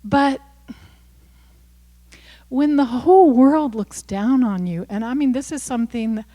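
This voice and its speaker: A Kentucky author in her sixties, her Appalachian accent softened toward neutral, gives a candid, chatty talk with audience questions in a university lecture hall. Her voice sits high and unhurried, full of self-deprecating asides, fillers and restarts, with the hall's long reverb audible.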